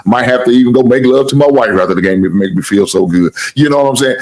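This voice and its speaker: A man hosting a casual live-stream sports talk show, with a deep voice, rambling and repeating himself and swearing now and then. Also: fast, darkish tone. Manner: rambling, repetitive, plugs the channel, swears casually.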